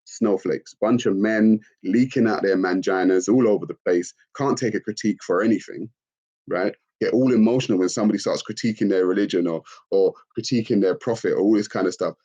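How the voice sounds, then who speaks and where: A man hosting a live stream, talking expressively and mockingly, often leaping into shrill put-on voices. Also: a little fast, mellow, husky, lo-fi sound. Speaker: livestream host. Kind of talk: animated live-stream rant.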